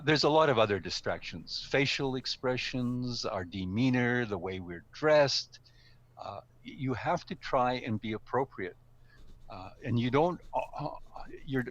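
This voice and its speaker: An older man, a guest speaker and speaking coach, gives casual, conversational speaking tips, full of ums and self-corrections, from a live stream studio or room. His voice is medium-pitched and a bit bright, though the audio sounds dull.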